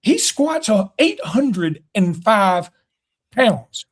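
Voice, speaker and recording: Animated man talking sports. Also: high voice, extremely slow. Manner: animated, jokey, emphatic. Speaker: podcast co-host. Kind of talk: casual sports talk.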